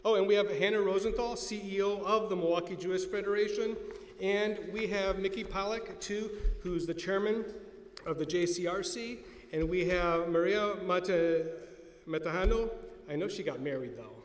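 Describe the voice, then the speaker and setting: A man's voice: high-pitched, normal speed. A man emceeing a community event, chatty and loose, ad-libbing as he works through a list of guests. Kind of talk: casual announcements. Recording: echoey hall, faint noise.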